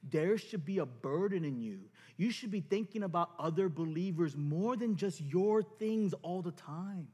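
Lively high-voiced male pastor. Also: moderate pace, breathy edge, big-room sound. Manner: animated, self-mocking, acts out scenes. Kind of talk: sermon with storytelling.

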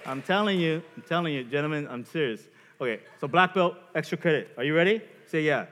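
A man preaching a sermon as a pastor, animated and joking, acting out little scenes between himself and his wife. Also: on the high side, fast talker. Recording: long hall reverb.

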